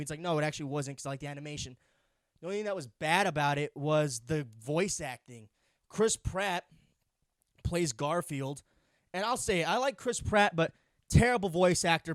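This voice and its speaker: Young male comedy podcaster, high-pitched, sleepy rambling rant, profane and sarcastic, dry close mic. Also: dry recording. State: sleep deprived. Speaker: podcast host.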